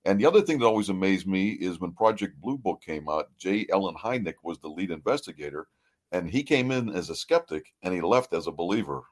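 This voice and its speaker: Deep-voiced man, lively and reactive. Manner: enthusiastic, quick to react with short remarks. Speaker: podcast co-host. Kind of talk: casual chat.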